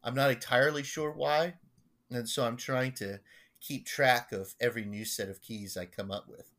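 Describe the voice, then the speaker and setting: A male pastor chatting on a podcast, telling a story in a loose, rambling way. His voice sits at a mid pitch, and he often stops and restarts his sentences as he goes. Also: fairly even intonation, fairly bright tone. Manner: rambling, halting, many restarts. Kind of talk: casual storytelling chat.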